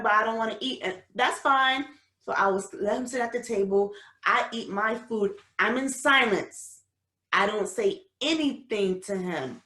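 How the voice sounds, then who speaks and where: A woman's voice: mid-range voice, fairly bright tone. A woman in her thirties hosts a casual advice podcast, speaking. She preaches emphatically and talks directly to her listeners. Her mid-range voice carries a noticeable room echo. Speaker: podcast host. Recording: roomy echo.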